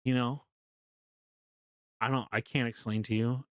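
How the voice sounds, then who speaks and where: A young male streamer tells a story to his chat in a casual, animated way, laughing often and swearing freely. His voice sits at an ordinary male pitch. It is recorded close and dry on a desk mic. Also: unhurried, smooth, dry recording.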